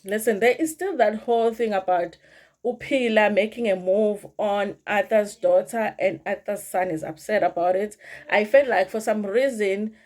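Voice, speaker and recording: In this casual vlog, a middle-aged woman with a South African accent walks viewers through a reality show episode, her medium-pitched voice darkish in tone and her pace normal. Chatty throughout, she addresses everyone as "you guys" and slips in bits of Zulu.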